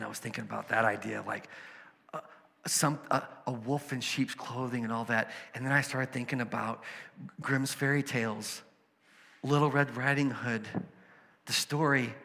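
A man's voice: medium pitch, gravelly, fairly bright tone, in a large hall. A man preaching a sermon as a pastor, conversational and storytelling, with emphatic asides.

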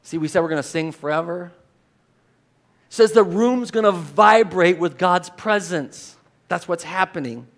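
A man preaching a sermon as a pastor, emphatic and animated, with rhetorical questions to the congregation. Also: high-pitched, unhurried.

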